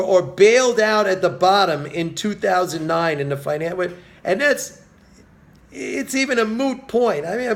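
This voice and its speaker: Brief: male commentator, high and gravelly, preachy, hammers his points home. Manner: emphatic, lecturing, repeats key phrases. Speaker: financial commentator. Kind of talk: motivational monologue.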